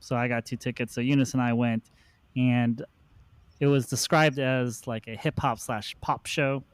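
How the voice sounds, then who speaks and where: A man's voice: mid-range voice, steady tone, normal speed, clear, resonant tone, dry recording. Man telling a rambling story, dry sound. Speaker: podcast host. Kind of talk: casual chat.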